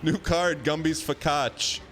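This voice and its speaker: A man in his thirties with a high voice hosts a livestream in casual chat. He rambles animatedly and protests in a mock-defensive way. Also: fairly even intonation, measured pace, fairly bright tone, soft background music. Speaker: livestream host.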